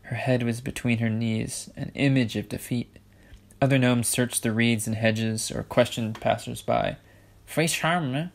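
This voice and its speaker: Gravelly man reading a novel aloud. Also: mid-range voice, flat delivery, a little slow. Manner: offhand, jokey asides. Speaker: audiobook reader.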